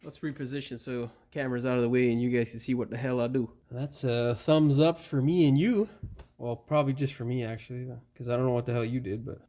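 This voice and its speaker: A man's voice: medium pitch, fairly even intonation, fast talker, warm tone. A man working as a mechanic, swearing, grumbling and joking to himself as he works in a workshop. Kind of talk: casual workshop vlog. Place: workshop with an air compressor.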